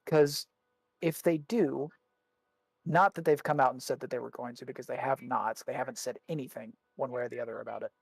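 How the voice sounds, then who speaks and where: A man's voice: medium pitch, fairly even intonation, a little fast, vocal fry, slightly rough, no room sound. Chatty man with the hiccups. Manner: rambling, repeats words while thinking. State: has the hiccups. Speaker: podcast co-host. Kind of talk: casual chat.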